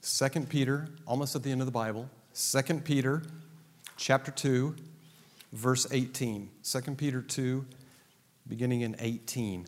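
Male pastor, lively sermon delivery, mid pitch, long hall reverb. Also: normal speed. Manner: animated, acts out dialogue, laughs often.

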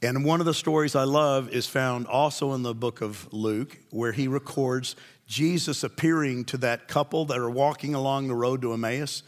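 A man's voice: medium pitch, normal speed. A man preaching a sermon, telling the story in a conversational way and asking his listeners questions.

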